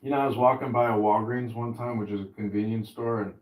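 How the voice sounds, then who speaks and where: A man hosting a podcast in a casual chat, an animated storyteller who swears freely. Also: fairly low pitch, quick pace. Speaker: podcast host. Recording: roomy, distant mic.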